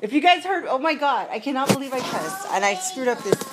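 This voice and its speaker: A woman chatting casually as she plays a mobile game, giggly and quick to apologize. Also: high voice, very animated, heavy background noise. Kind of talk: casual gameplay commentary.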